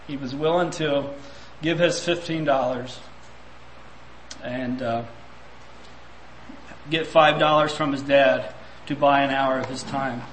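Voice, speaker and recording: A man's voice: medium pitch, steady tone, slow, pauses often, fairly bright tone, reverberant, a little hiss or hum, poor audio. A man preaching a sermon, reflective and full of rhetorical questions.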